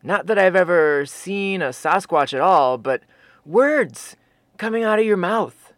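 A man's voice: high-pitched, lively intonation, measured pace, a bit bright, no room sound, clean studio sound. A narrator voicing a male forestry worker, stammering and incredulous. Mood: amazed.

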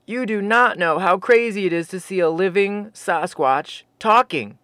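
A man's voice: high voice, measured pace, sharp tone, dry recording. A narrator voicing a male forestry worker, stammering and incredulous. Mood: amazed.

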